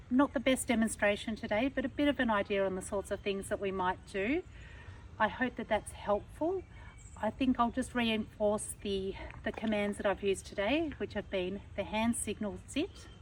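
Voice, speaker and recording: A woman dog trainer patiently explaining obedience commands outdoors, acting out the tones she uses. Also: medium pitch. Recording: somewhat distant mic, faint background noise.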